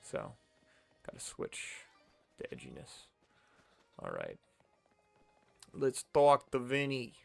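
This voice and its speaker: A man's voice: mid-range voice, huge pitch swings, slow pace, gravelly, long pauses. A man streaming a video game and chatting casually, with rambling, self-amused asides. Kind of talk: casual gameplay commentary. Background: faint game music.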